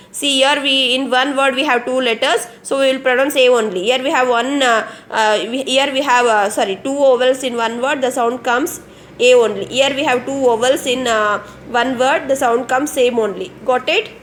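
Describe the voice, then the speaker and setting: A woman's voice: sits high, a bit bright, a little hiss or hum. A woman teacher with an Indian English accent giving an online phonics lesson to young children, spelling words out letter by letter and repeating them patiently. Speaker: kindergarten teacher.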